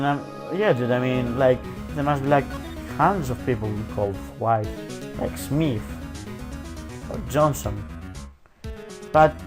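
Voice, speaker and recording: A man reading a courtroom video game's dialogue aloud, casual and self-mocking, peppering it with "dude" and "like". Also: mid-range voice. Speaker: let's play commentator. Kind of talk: reading game dialogue aloud with jokey asides.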